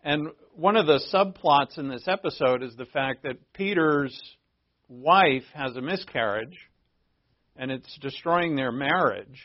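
A man preaching a sermon, talking conversationally and reading scripture aloud, with emphatic bursts. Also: fairly high pitch. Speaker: pastor. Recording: dull lo-fi sermon recording.

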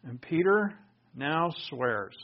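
A man preaching a sermon from the pulpit, earnest, with sudden loud emphatic bursts. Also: fairly high pitch, big pitch swings, slow pace, muffled recording. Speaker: pastor.

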